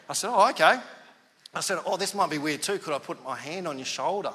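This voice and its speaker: Speaking quickly in a slightly high voice, this male pastor delivers a story within a conversational sermon. He's animated and chatty, performing the dialogue himself, while the recording carries a long reverb tail.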